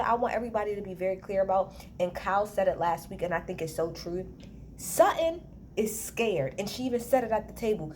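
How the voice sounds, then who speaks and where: A woman recording a casual reality TV recap on a handheld phone, talking to her viewers in a blunt, animated rant full of profanity. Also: medium pitch, a little hiss or hum. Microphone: handheld phone, no tripod.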